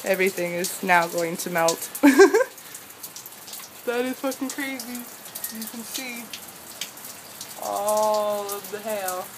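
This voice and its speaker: A young woman filming a hailstorm on her phone, narrating casually and excitedly, with a lot of swearing and laughter. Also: mid-range voice, slow pace, long pauses. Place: home doorway, hail outside. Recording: loud hail noise behind. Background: hail and rain.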